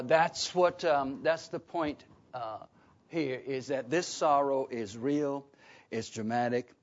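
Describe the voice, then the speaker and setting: A man preaching a sermon, emphatic and conversational, often asking the listeners questions. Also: medium pitch. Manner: emphatic, asks the congregation questions. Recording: dull lo-fi recording.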